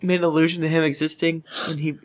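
A man co-hosting a casual book discussion podcast, joking and acting out characters in quick voices. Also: a little high, flat delivery. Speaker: podcast co-host.

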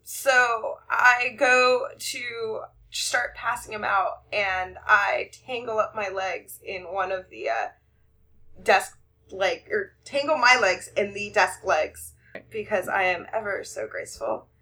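A woman's voice: medium pitch, steady tone, slow pace, pushed and bright, rough recording. A woman playing a tabletop role-playing game, self-mocking and giggly. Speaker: player.

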